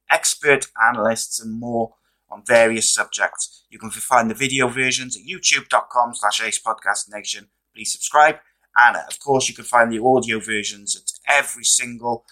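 A man hosting a casual podcast interview, relaxed and chatty with many fillers, his voice going hoarse. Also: mid-range voice, rough recording. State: losing his voice. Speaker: podcast host.

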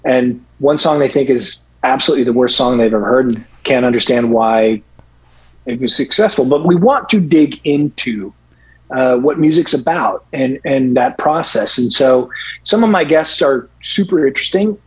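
A man's voice: medium pitch, expressive, normal speed, breathy edge, low-quality recording. A middle-aged man, a guest rock musician, telling rambling, profane stories in casual podcast chat with many restarts.

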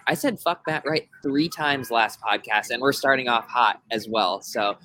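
A man's voice: medium pitch, normal speed, bright, forceful tone, rough recording. A male podcast co-host, teasing and laughing easily in casual chat.

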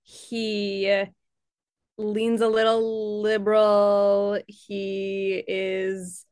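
A woman's voice: medium pitch, completely flat delivery, very slow, darkish tone, no echo, clean studio sound. A woman co-hosting a fan podcast in upbeat, chatty conversation, laughing often. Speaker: podcast co-host. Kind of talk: casual chat.

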